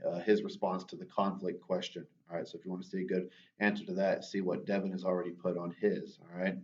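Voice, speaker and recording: A man with a low voice talks through class assignments in a relaxed, conversational way, checking in with "right?" as he goes. He sounds set back from the mic, and the recording is dull and lo-fi. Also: distant mic. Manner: casual, repeats "all right" and "right?" often. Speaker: teacher.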